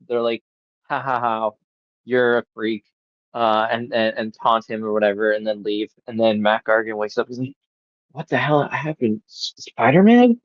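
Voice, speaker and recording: A man's voice: medium pitch, no echo. Rambling man in dull, dry audio. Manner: rambling, filler-heavy, casually profane. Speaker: podcast host. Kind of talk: casual movie review chat.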